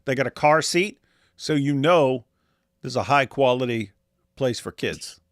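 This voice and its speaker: Speaking unhurriedly in a mid-range voice, this commentary host reacts casually, telling rambling, joking, sarcastic stories. The sound is clean studio audio without any room sound.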